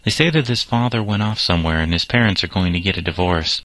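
A man reading the lines of a schoolboy son in a storybook, plaintive and defensive, in his own low voice. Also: fast talker, fairly bright tone, no room sound.

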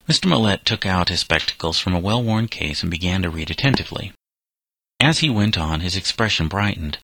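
A man reading a scripted story aloud in a measured, steady way. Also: low voice, dry recording, poor audio. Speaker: narrator.

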